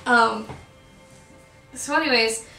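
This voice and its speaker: A woman's voice: on the high side, slow pace, gravelly, bright, forceful tone, soft background music. Emotional young woman vlogging in echoey room. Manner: emotional, gets choked up; rambling with many ums. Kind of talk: personal vlog storytelling.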